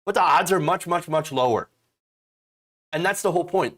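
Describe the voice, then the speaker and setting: A man's voice: on the high side, normal speed, fairly bright tone. A man hosting a political commentary show, ranting in a profane, exasperated and mocking way.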